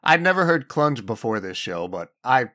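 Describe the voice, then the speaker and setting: A man's voice: mid-range voice, big pitch swings, moderate pace, bright, forceful tone. A man hosting a casual podcast, joking playfully with his friends. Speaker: podcast host.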